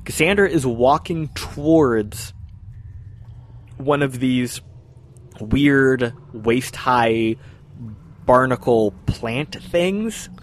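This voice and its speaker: A man's voice: mid-range voice, lively intonation, extremely slow, long pauses, slight background noise. A man narrating as game master in a tabletop game, describing scenes unhurriedly.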